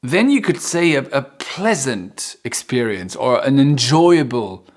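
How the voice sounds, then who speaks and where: A male English teacher walks through vocabulary at an unhurried pace. His pitch swoops lively up and down as he stretches and repeats key words. The delivery is playful and expressive. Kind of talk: vocabulary lesson.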